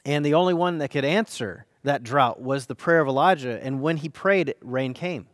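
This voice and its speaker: An American man, a pastor, delivering a sermon with earnest, dynamic emphasis, slowing down to stress key phrases. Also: mid-range voice, no room sound, clean studio sound.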